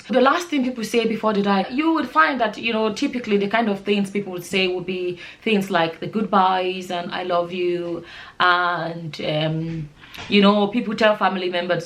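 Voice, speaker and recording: A woman's voice: mid-range voice, a bit bright. A woman who works as a nurse, talking earnestly to camera in a casual vlog, rambling with many fillers and restarts. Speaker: nurse and vlogger.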